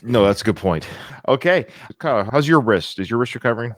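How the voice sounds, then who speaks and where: A man's voice: medium pitch, animated, a little fast, dry recording. Chatty male podcast host, dry sound. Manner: chatty, rambling, frequent filler "uh". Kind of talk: casual podcast chat.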